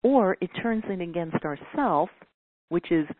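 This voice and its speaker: A woman's voice: on the low side, lively intonation, a little slow. Earnest woman teacher on a tinny line. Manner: earnest, acts out whiny quoted voices. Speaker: spiritual teacher answering a caller. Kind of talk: teaching talk. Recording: dry phone-like audio.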